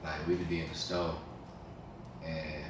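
A deep-voiced young man talks in slangy, stammering bursts as a casual host. He sits far from the mic in a very echoey room with clear noise behind him. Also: level tone, a little slow. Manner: slangy, stammers on repeated words. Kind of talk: casual, explicit chat.

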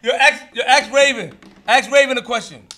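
A man's voice: very high voice, normal speed, pushed and bright. A man hosting a call-in podcast, brash and profane, laughing with callers. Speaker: podcast host. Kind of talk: casual call-in banter.

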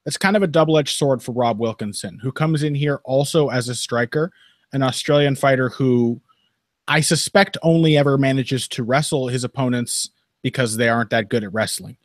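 A man's voice: mid-range voice, normal speed, no echo, studio quality. A man co-hosting a podcast, giving loose, jokey, profane fight analysis in casual conversation.

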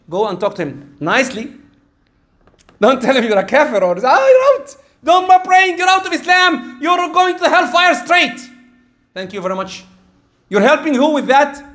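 A man with a high voice preaches a sermon. He talks in an animated way, dropping into soft asides and then calling out. Now and then he recites verses in quick Arabic. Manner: animated, shifts between quiet asides and raised exclamations; recites Quranic Arabic in a fast chant.

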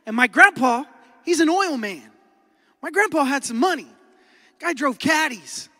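A man in his thirties with an Oklahoman accent, preaching a sermon as a lively storyteller who acts out quotes and laughs often. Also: very high voice, a little slow. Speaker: pastor. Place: large church hall. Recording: long hall reverb.

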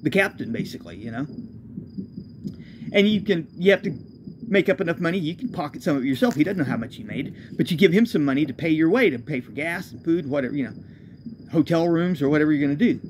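A man's voice: fairly high pitch, animated, a little fast, pauses often, slight background noise. A man, a homeless traveler, telling his own road story in a loose, profane, self-correcting way. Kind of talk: rambling spoken storytelling.

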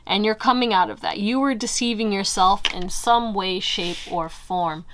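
A young woman giving a casual pick-a-card tarot reading, chatty and animated, full of fillers and asides to her viewers. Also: medium pitch, normal speed, slight background noise. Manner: chatty, animated, fillers like "you know" and "y'all". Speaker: tarot reader.

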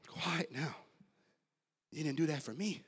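A man preaching a sermon as pastor, swinging between loud high bursts and quiet, low asides. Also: measured pace, breathy edge.

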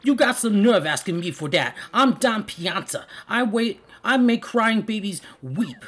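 A man doing a loud Italian-accented mob boss. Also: high voice, expressive, a little slow, breathy edge, voice pushed up, heavily acted. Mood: commanding. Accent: put-on Italian mobster. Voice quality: loud, bossy tough-guy drawl. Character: gruff male mob boss, smooth and commanding.

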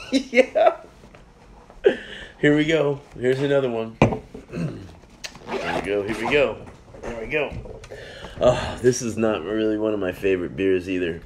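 A man with a low voice chats slowly and loosely on a live stream. He rambles, repeats himself and gets sidetracked, chuckling as he reviews beers. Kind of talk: casual live-stream chat.

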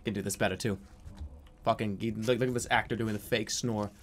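A man's voice: lowish voice, fairly even intonation, fairly quick, slight background noise. A man commenting on a horror game while he plays, joking and crudely mocking the voice acting. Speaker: streamer playing a horror game.

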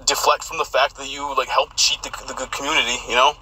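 A man in a played clip mocks and accuses, drawling and leaning on "like" between his words. His voice is extremely bright and forceful, and a faint noise hangs behind it. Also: medium pitch, flat delivery, fast talker, low-quality recording. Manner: scornful and drawling, fills his speech with "like". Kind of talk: mocking complaint in a clip.

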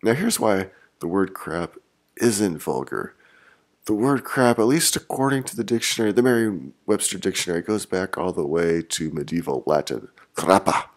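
A man's voice: low-pitched, animated, moderate pace. A middle-aged man and channel host talking in a casual, wry monologue with frequent restarts.

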